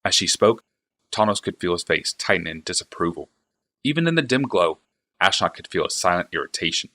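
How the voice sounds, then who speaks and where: Deep voiced guy reading a fantasy book out loud, bright tone, steady. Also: fairly quick. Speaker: reader, streamer. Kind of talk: reading a fantasy novel aloud.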